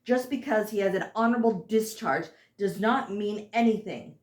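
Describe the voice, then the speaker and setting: A fiery young heroine on the run, as read by a woman narrator, delivering sharp, scolding lines at an unhurried pace. The reading has a mid-range pitch, and the room adds a clear echo. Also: lightly acted. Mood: angry. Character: fierce young woman fugitive, hot-tempered.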